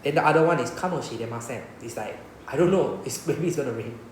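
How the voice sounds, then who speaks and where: A medium-pitched man with a Singaporean English accent talks quickly through a Japanese class explanation, frequently checking in with "right?". The recording is rough and roomy, with slight background noise.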